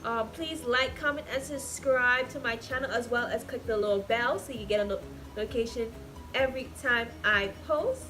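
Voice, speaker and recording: A woman in her twenties venting in a casual vlog, talking emotionally and swinging between loud and soft. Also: on the high side, moderate pace, soft background music. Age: 20s. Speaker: vlogger.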